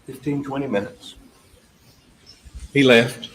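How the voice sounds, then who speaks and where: A male trial attorney delivers a closing argument in a courtroom, speaking slowly with medium pitch, fairly even intonation, and a slightly bright tone. He talks straight to the jurors, repeating points emphatically and acting out witness exchanges, in echoey audio with faint background noise.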